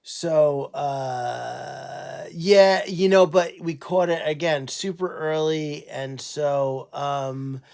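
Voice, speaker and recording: A man who runs an animal sanctuary, talking casually on a livestream, tired and unwell, halting with many fillers and restarts. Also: on the high side, flat delivery, a little mellow, clean tone.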